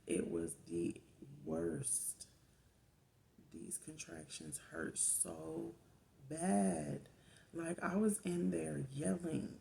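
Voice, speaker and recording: A woman, a mother of four, casually telling her own story in an animated way, getting louder as she relives the pain. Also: low-pitched, very slow, gravelly, a little hiss or hum. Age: adult mother of four. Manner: animated retelling, rising loud when reliving pain.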